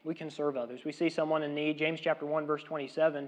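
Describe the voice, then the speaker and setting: A man preaching a sermon in an earnest way, repeating key phrases and swinging between loud emphasis and quiet asides. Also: on the high side, steady tone, fast, hardly any pauses. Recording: dull, lo-fi sound.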